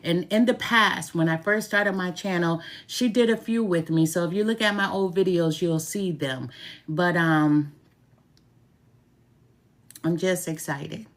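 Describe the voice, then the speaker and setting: A woman's voice: on the low side, a little slow. A middle-aged woman, a tarot reader and root worker, talking casually to camera, chatty and heartfelt, repeating her phrases for emphasis. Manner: heartfelt, openly grateful.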